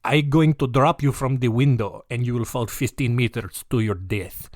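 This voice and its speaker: A man putting on a menacing young male killer with a mock Russian accent, speaking slowly and deliberately. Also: mid-range voice, no room sound, clean studio sound, natural voice.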